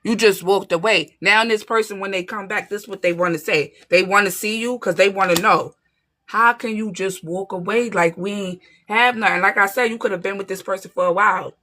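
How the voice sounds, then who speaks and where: Bright, emphatic woman giving a tarot reading. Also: medium pitch, fairly quick. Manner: emphatic and streetwise, keeps checking in with listeners. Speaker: tarot reader. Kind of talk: casual tarot reading monologue to viewers.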